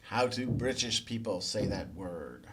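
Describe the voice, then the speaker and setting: A man's voice: fairly low pitch, a little slow, a little hiss or hum. Man teaching an English lesson. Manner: asks the viewer quiz questions, then explains; relaxed and conversational, with small restarts. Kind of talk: explanatory lesson narration.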